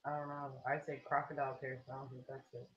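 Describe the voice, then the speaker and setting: A woman speaking quietly as a panel guest in a casual live stream chat. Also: very deep voice, flat delivery, fast, lo-fi sound. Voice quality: soft-spoken, quiet.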